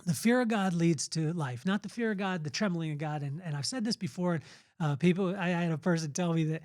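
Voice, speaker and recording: Fairly quick and fairly high-pitched, with a darkish tone, a middle-aged man hosts a podcast in clean, echo-free studio sound. His motivational message about faith comes across as earnest and emphatic, yet chatty.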